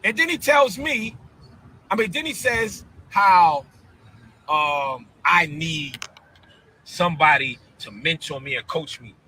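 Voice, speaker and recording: A man in a heated live-stream rant, talking like a preacher. His voice sits high and rings bright and sharp, and he keeps breaking into incredulous, repeated outbursts. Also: expressive, slow pace, husky, poor audio. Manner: fiery, repetitive, confrontational preaching cadence. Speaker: bishop.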